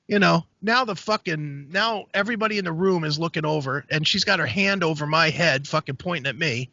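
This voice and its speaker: A man hosting a podcast, telling a story in a casual, profane, animated way. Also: sits high, moderate pace, no room sound. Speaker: podcast host. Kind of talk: casual chat. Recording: dry, dull lo-fi sound.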